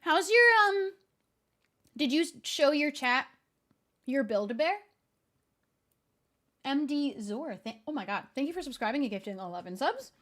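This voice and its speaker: A young woman talks casually to her stream viewers in a slightly high voice. She laughs often between stories and delivers jokes in a deadpan tone. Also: normal speed, pauses often. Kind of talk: casual chat.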